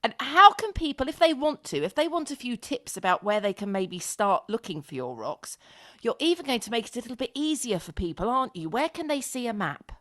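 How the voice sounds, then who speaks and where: Woman radio presenter, animated and encouraging, varied lively pitch. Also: brisk. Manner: warm, animated and encouraging with a child guest. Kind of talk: live radio interview.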